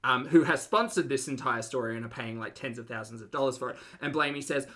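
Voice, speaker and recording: A man's voice: medium pitch, fast talker, hardly any pauses, a bit bright. A man with an Australian accent hosting a casual reaction commentary, chatty and rambling with many fillers. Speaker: host.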